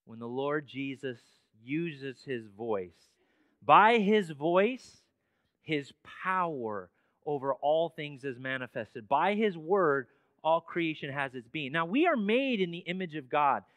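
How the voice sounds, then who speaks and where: Male preacher with a high-pitched voice, dramatic delivery, close dry recording. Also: sing-song, takes it slowly, no room sound, lo-fi sound. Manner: dramatic preaching, swings between hushed and emphatic. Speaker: pastor. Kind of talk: sermon. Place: church sanctuary.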